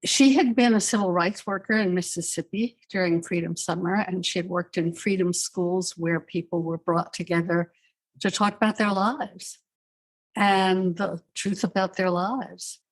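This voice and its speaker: An older woman speaking as a psychiatrist guest in an interview, telling her story in a measured, thoughtful way with dry asides. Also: fairly low pitch. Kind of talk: reflective interview answers.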